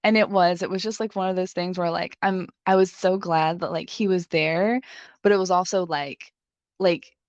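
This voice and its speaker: A woman's voice: lowish voice, steady tone, moderate pace, dry recording, muffled recording. A young adult woman co-hosting a podcast, telling a personal story in a casual, chatty way and leaning heavily on the filler "like". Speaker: podcast co-host.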